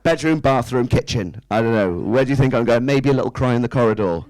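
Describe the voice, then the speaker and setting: A man's voice: mid-range voice, fast, a little mellow, poor audio. A man, doing a stand-up set in a small club, chatty and self-mocking, tossing rhetorical questions at the crowd. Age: 30s. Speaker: stand-up comedian. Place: small indoor comedy club stage.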